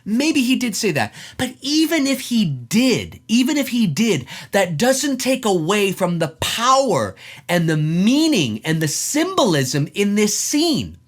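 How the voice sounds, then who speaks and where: Man, opinion vlog, emphatic, swearing, very lively pitch, acts out quotes. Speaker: film commentator.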